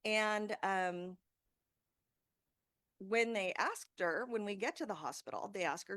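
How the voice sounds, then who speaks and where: A woman's voice: mid-range voice, expressive, takes it slowly, pauses often, a bit bright, dry recording, clean studio sound. A woman in her thirties giving an informal presentation to a group, talking casually and conversationally with frequent fillers. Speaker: safety talk presenter.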